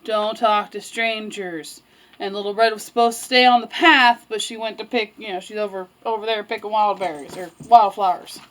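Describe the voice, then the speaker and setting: A woman's voice: medium pitch, fairly even intonation, a little fast, few pauses, rough recording. A woman practising a lesson by telling a children's story in a chatty, casual way, breaking off for asides. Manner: chatty, self-interrupting, with asides and laughs. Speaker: student teacher telling a story. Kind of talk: casual read-aloud storytelling.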